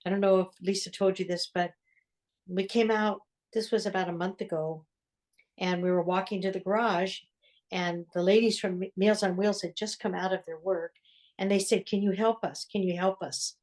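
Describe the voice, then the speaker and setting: An older woman, a religious sister, telling her story in an interview in an earnest way, with reflective pauses. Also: medium pitch, fairly even intonation, a little mellow. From United States.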